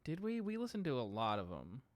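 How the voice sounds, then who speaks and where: A man hosting a casual livestream from home, talking in a relaxed, rambling way with lots of filler sounds. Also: mid-range voice, brisk, dry recording. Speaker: podcast host streaming live.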